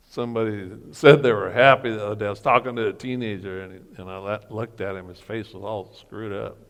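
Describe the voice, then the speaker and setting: As guest speaker at a church men's breakfast, a man gives a motivational talk, telling humorous stories and acting out the dialogue. His voice is on the low side, fairly even in intonation and at normal speed, in a reverberant hall.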